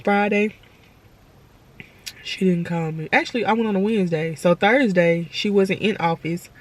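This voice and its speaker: A woman's voice: medium pitch, normal speed. A woman vlogging at home, crying and talking in rambling, repetitive bursts with stumbling restarts. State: tearful, crying. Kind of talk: emotional personal vlog.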